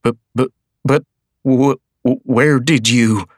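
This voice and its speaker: A man's voice: lowish voice, very animated, slow, a bit bright, breathy edge, no room sound, clean studio sound, soft background music, voice pushed up, heavily acted. A man voicing an indignant young schoolmaster of Good who stammers, agitated and in disbelief. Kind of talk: audiobook character voice.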